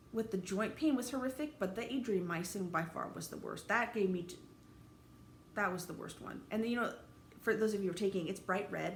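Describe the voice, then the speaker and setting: Woman, 30s, vlogger, gravelly, raw, halting, roomy room echo with faint background noise. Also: medium pitch. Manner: halting, candid, swears freely, emotionally raw. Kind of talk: personal vlog monologue.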